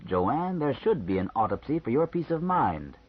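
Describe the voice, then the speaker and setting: A man reading an audiobook, voicing a calm male doctor who explains things frankly and matter-of-factly. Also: mid-range voice, husky. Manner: measured, matter-of-fact explaining. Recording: slightly muffled lo-fi recording.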